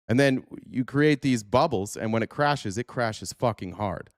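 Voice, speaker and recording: This livestreamer's voice is mid-range and unhurried, with hardly any pauses, captured in a dry, close-miked recording. He covers politics casually, reacting to clips and chat with a heated, profane rant full of stumbles and restarts.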